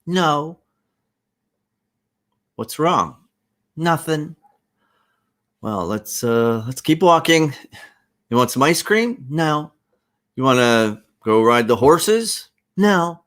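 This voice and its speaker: A man voicing an energetic four-year-old girl in a one-man reading of a play. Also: on the high side, drawn-out words, pauses often, voice pushed up, heavily acted. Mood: sulky.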